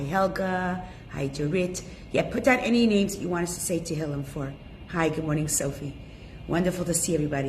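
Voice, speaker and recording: A woman's voice: on the low side, a little mellow, a little hiss or hum. Lady running an online class, chatty, keeps saying good morning to each person joining. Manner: chatty, greets attendees one by one by name. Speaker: teacher of a women's class. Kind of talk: casual online class talk.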